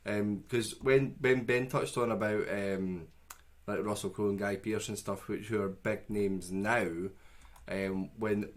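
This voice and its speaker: A man's voice: fairly low pitch, steady tone, a little slow. A man giving an enthusiastic, chatty film opinion on a casual podcast, teasing his friends. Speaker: podcast co-host. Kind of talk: casual film review chat.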